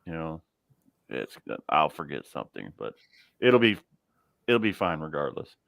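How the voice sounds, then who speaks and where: A man's voice: extremely low pitch, big pitch swings, a little slow, gravelly, a bit bright, no echo, studio quality. A man hosting a live chat from his garage, easygoing, chuckling often and trailing off mid-sentence. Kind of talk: casual chat.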